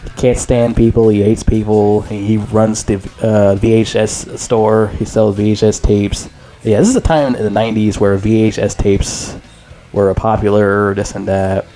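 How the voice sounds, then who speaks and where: A man's voice: fairly low pitch, steady tone, moderate pace, mellow, faint music behind. A man in his twenties giving a casual, rambling and profane movie review. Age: 20s.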